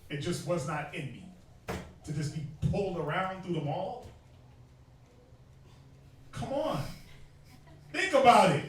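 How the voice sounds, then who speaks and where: A young man street teaching to a group, animated and joking, often mimicking people. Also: sits high, measured pace, long pauses, slight background noise. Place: outdoors in a city. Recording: very echoey, distant from mic.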